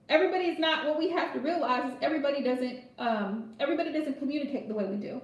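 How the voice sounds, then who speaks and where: A woman's voice: high voice, fast talker, hardly any pauses, roomy sound, muffled recording. A woman tarot reader talking bluntly and emphatically in a casual advice vlog, often checking in with "right?". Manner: blunt, emphatic, repeats her point with "right?".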